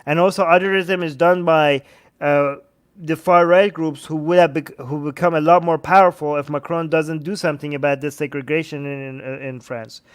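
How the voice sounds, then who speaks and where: A male host reacting to news clips in a heated, profane, mocking rant that builds to shouting. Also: fairly high pitch, fairly even intonation, normal speed, clean tone. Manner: escalates to shouting. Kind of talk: ranting commentary.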